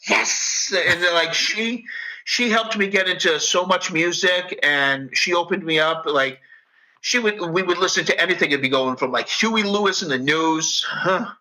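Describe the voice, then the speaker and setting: A man's voice: high-pitched, normal speed, sharp tone, poor audio. A middle-aged man with a thick Northeastern US accent, a podcast guest rambling and swearing, full of "like" and "you know". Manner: rambling, profane, heavy on fillers. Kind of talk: casual chat.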